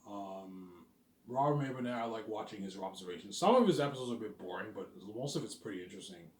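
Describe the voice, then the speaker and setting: A man rambling through a casual vlog, restarting sentences and dropping in fillers and curse words. His voice swings up and down with lively intonation. The room around him is roomy and echoing. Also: lowish voice, fast talker. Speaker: vlogger.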